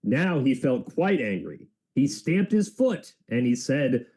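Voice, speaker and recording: A man's voice: medium pitch, takes it slowly, hardly any pauses. A man who works as a teacher, reading a children's book aloud with playful asides and banter. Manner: playful, animated storyteller.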